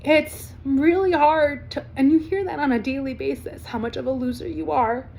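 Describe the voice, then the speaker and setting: Woman, 40s, high voice, blunt, animated, swears a lot, vlog to camera. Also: moderate pace, creaky. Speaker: vlogger. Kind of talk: candid talk to camera.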